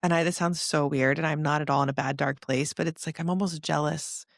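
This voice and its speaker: A woman hosting a podcast, telling her story in earnest rapid bursts. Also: deep voice, steady tone, vocal fry, no room sound, clean studio sound. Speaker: podcast host. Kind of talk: casual conversation.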